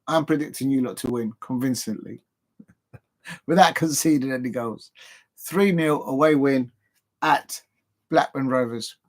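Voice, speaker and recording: Rambling English football stream host. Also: male voice, mid-range voice, a little slow, pauses often. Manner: rambling, self-deprecating, talks to viewers. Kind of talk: casual live-stream chat with predictions.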